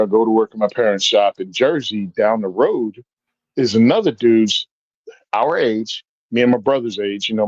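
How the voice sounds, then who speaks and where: Animated man telling stories. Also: fairly low pitch, dry recording. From Virginia, US South. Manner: animated, jumps into funny voices. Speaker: guest. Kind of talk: casual storytelling. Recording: dull, dry sound.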